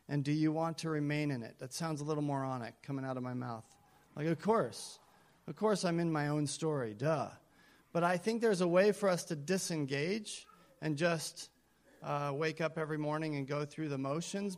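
A man preaching a conversational sermon to his congregation, with self-deprecating asides and emphatic repetition. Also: on the high side. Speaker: pastor.

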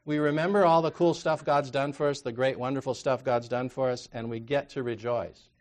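A man preaching a sermon in a conversational way, reading scripture aloud and moving from quiet asides to loud, emphatic exhortation. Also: medium pitch, fairly even intonation, brisk. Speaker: counselor.

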